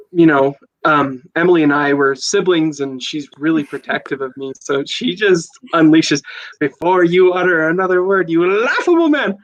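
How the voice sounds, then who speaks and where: A young actor tells a backstage story over a video call in an earnest, amused way. His voice sits slightly high and sounds dry and close, with no room around it. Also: creaky, no echo, dull audio. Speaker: cast member.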